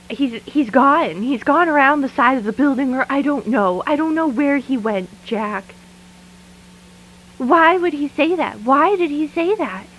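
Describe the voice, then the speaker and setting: A woman's voice: on the high side, a little hiss or hum, low-quality recording. An actress voicing a frightened, sleepless woman who confides her thoughts to a tape recorder in an audio drama monologue. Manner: hushed and confiding, then rattled and angry. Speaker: lead character of an audio drama.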